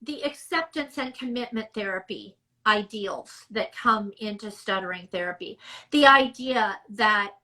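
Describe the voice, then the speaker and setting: A middle-aged woman speech therapist giving measured, emphatic explanations in a podcast interview. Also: mid-range voice, pushed and bright, low-quality recording.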